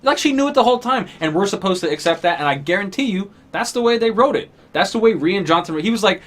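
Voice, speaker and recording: A man's voice: sits high, expressive, quick pace, a bit bright. A man giving an exasperated, profane, sarcastic rant as a movie reviewer. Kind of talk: ranting film review.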